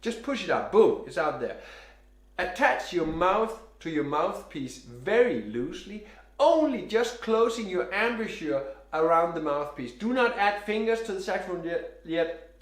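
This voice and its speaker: A man teaching saxophone breathing and tone, giving calm step-by-step instructions while he demonstrates each exercise himself. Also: high voice. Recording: roomy echo.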